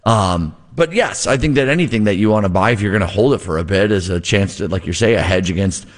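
A man's voice: on the low side, quick pace. A man in his forties hosting a call-in radio show, playfully reading ad copy and bantering. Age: 40s. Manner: jokey, playful, reads ad copy loosely. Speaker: radio host. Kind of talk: live radio call-in talk. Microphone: studio microphone.

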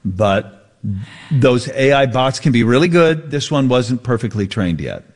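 A man's voice: mid-range voice, animated. A man co-hosting a radio show, chatting casually and telling a rambling anecdote. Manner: easygoing storyteller, drawn-out anecdotes. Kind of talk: casual on-air chat.

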